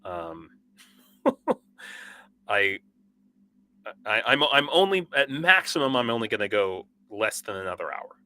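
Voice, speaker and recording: A sleep-deprived man hosting a casual livestream, reading out viewer comments in a rambling, halting way with frequent restarts and laughs. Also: mid-range voice, very animated, sharp tone. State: sleep-deprived and over-caffeinated. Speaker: livestream host.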